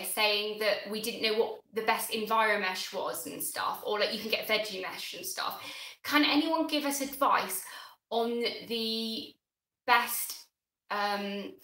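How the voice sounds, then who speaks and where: A woman hosting a gardening channel's live stream chat, flustered and excitable, halting with many restarts. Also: medium pitch. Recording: roomy room echo.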